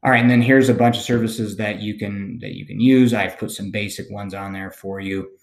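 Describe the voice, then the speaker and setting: Man, lower-pitched voice, casual lecturing, roomy echo. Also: steady tone, a little fast. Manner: casual, conversational explaining with frequent "okay?" check-ins. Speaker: teacher. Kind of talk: recorded classroom lecture.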